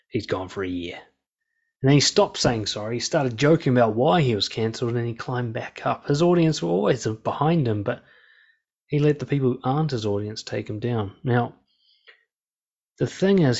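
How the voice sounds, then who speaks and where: A man's voice: mid-range voice, a little mellow. Blunt, profane man with a lo-fi sound. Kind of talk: casual commentary monologue.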